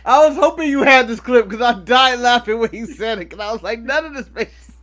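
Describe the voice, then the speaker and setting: American man, high bright voice, animated jokey co-host for casual chat. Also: fairly quick. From United States. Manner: joking, animated, laughing often. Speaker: podcast co-host.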